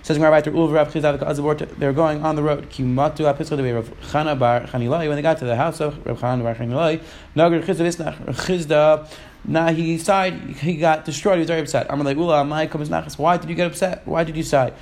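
A man giving a Talmud class in a quick, steady flow, mixing Hebrew and Aramaic quotes with English explanations. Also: a little high. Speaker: Talmud teacher. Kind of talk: Gemara study class.

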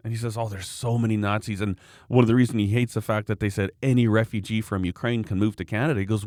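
A man's voice: fairly low pitch, fast, hardly any pauses, no echo, studio quality. A man talking in a casual, opinionated, rambling way, acting out the people he quotes. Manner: opinionated, rambling, animated quoting. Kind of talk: casual political chat.

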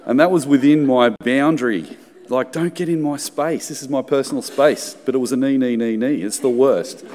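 A man's voice: mid-range voice, normal speed. Australian man preaching in a reverberant hall. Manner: animated storytelling, conversational. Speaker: pastor. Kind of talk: sermon with personal story.

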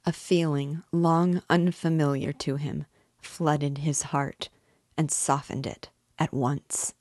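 A woman reading a classic novel aloud in a measured, steady narration. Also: low voice, no echo, studio quality. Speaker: book reader and guide.

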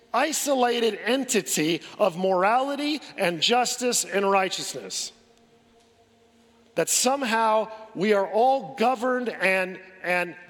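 A man preaching a sermon as pastor, pressing forceful rhetorical questions and often repeating words as he builds a point. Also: high-pitched, big-room sound.

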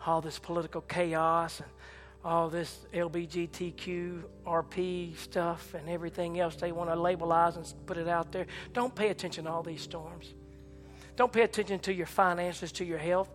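A man preaching an impassioned sermon, swinging from shouts to hushed tones. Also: flat delivery, normal speed. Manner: impassioned, rising to shouts and dropping low. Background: church organ chords.

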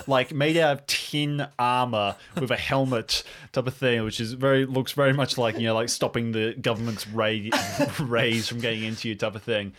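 A man's voice: medium pitch, steady tone, normal speed, a bit bright. A man as game master narrating an improvised tabletop game in a loose, giggly way with fillers.

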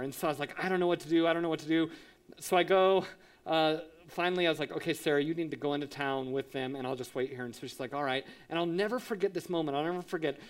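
A man in his thirties, a pastor, telling a lively personal story in a sermon, acting out voices and sound effects. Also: a little high. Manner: animated, acts out quotes with sound effects.

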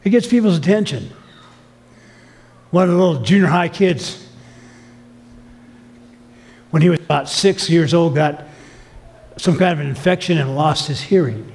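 A man's voice: fairly high pitch, a little slow, creaky, pauses often, a little mellow. A man preaching a sermon, telling stories with emphatic, acted-out quotes. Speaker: pastor. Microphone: filmed sermon.

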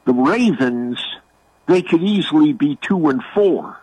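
Slow, rambling male regular caller. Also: a little high, lively intonation, darkish tone, husky, dry recording, poor audio. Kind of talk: casual sports talk.

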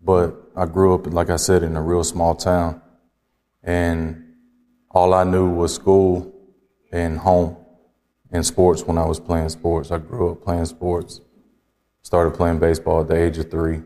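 A man from Georgia, slowly and reflectively telling his life story as an interview guest. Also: low-pitched, completely flat delivery, dark tone, in a large hall. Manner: slow, reflective, halting. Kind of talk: personal testimony in conversation.

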